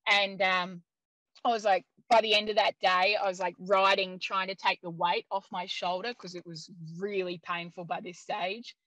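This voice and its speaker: An interview guest, a woman, tells a story in casual conversation, lively and laughing often, peppering her speech with "like." Her mid-range voice moves at a normal speed, and the recording is low quality but has no echo.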